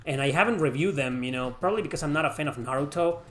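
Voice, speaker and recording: A man's voice: a little high, rapid-fire, a bit bright. A man casually answering chat questions on a livestream, rambling and swearing freely.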